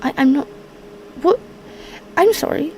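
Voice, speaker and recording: A woman's voice: sits high, expressive, measured pace, a little hiss or hum. A woman voicing a nervous, polite male bird. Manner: courteous, flustered.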